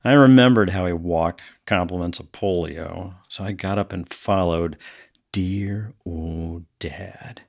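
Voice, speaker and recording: An actor playing a brooding adult son who coldly recounts his killings in a flat tone, flaring into anger. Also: low voice, takes it slowly, vocal fry, heavily acted. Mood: coldly calm. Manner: flat, cold storytelling with bursts of anger. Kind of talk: audio drama acting.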